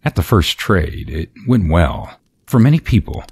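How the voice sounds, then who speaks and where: A man narrating a fairy tale in a gentle, measured way. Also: sits low, very animated, a little hiss or hum. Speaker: storyteller.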